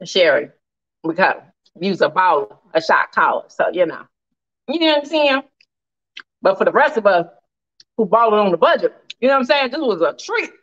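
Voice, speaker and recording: A woman hosting a casual live cooking stream, animated and laughing often as she reads viewer comments aloud. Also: on the low side, highs cut off.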